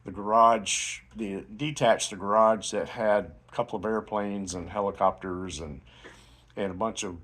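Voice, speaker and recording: A man's voice: lowish voice, fairly even intonation, a little slow, a bit bright. A man giving a casual motivational sales talk, telling a long story in a rambling way with many fillers and restarts. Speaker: network marketing promoter.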